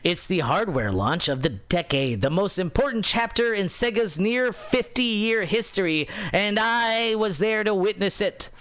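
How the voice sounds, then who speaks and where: A man putting on a nerdy voice to read out a pompous, gushing male magazine editor in slow, drawn-out, sing-song phrasing. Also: sits high, a bit bright, pitched above the performer's own voice.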